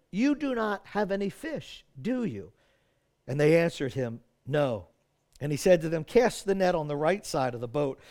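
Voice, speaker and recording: Male pastor, higher voice, warm folksy sermon delivery with scripture readings. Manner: earnest, folksy, reads scripture aloud, frequent "right?".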